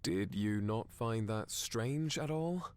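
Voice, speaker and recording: A woman putting on a low, gruff voice for a doubtful partner, asking slow deadpan questions. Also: no echo, heavily acted.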